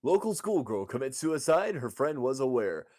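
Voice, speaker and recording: A man puts on a grave TV news anchor, delivering a spoof bulletin in a measured, formal broadcast cadence. The read is steady and over-serious, a parody newscast. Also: mid-range voice. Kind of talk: mock newscast.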